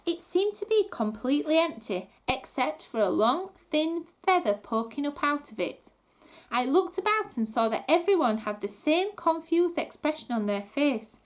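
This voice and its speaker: A woman reading a children's book aloud with animated storytelling. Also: high voice, moderate pace. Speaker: reader.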